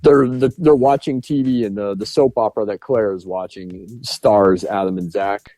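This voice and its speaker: Low, mellow-voiced man recapping a film. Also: fairly even intonation, moderate pace, no room sound, faint music behind. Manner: rambling, retells scenes with frequent fillers. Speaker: podcast co-host. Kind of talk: casual film review chat.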